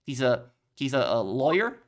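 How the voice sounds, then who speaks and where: A man voicing a loud, excitable male police detective who is brash and eager to please, over game music. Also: medium pitch, normal speed. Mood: puzzled. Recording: game music playing underneath.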